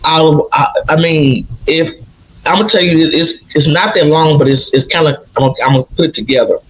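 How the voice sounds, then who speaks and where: A podcast host from with a raspy, slightly raised voice. He tells his stories with lively, looping restarts, in a casual chat with his guest. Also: fairly high pitch, fairly quick, poor audio. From Louisiana. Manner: animated, rambling storyteller with many restarts.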